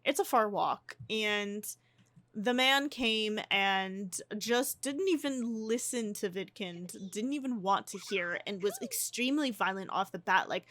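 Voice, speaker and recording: A woman's voice: mid-range voice, expressive, unhurried, fairly bright tone, no room sound. A young woman giving casual, chatty gameplay commentary, often restarting and gasping. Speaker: life-sim gameplay narrator. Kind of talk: casual let's-play commentary.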